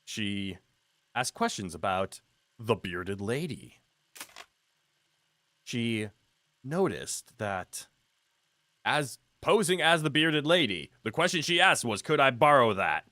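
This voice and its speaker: A man's voice: mid-range voice, sing-song, slow pace, pauses often, sharp tone, no room sound. A man streaming a video game, chatting playfully with his viewers and laughing often. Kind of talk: casual gameplay commentary.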